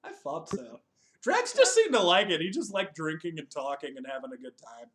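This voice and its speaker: A man's voice: fairly high pitch, huge pitch swings, brisk. A man co-hosting a casual chat reviewing a TV special, laughing often, swearing and joking at his own expense. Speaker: podcast co-host.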